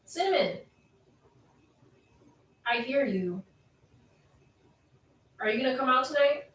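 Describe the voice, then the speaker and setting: A young woman chats casually on a livestream, reading comments and laughing along, her strong voice carrying some bass while still sitting fairly high. She talks into a laptop mic from a step away, so the sound is roomy and echoey. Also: unhurried, fairly bright tone, far from the mic. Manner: chatty, reads viewer comments aloud, laughs often. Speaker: livestream host. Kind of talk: casual livestream chat with viewers. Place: room at home.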